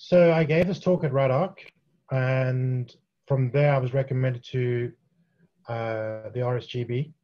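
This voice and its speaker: A man's voice: medium pitch, a little slow. Man answering questions on a lo-fi call. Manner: relaxed, chatty, with frequent restarts. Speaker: guest presenter. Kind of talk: Q&A after a technical talk on a video call. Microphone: video call. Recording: lo-fi video call audio.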